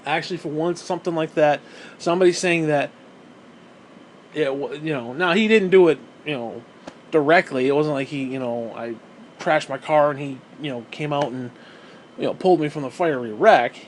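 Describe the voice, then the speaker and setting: A man's voice: a little high, moderate pace, slight background noise. A man talking casually to camera in a vlog, rambling and self-deprecating, swearing often and restarting his sentences. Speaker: vlogger.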